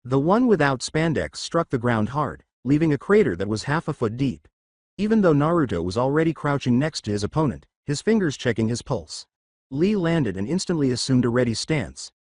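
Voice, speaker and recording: Man, fan fiction narrator, steady reading, lively pitch, dry sound. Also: moderate pace, dry recording. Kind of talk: fan fiction read-aloud.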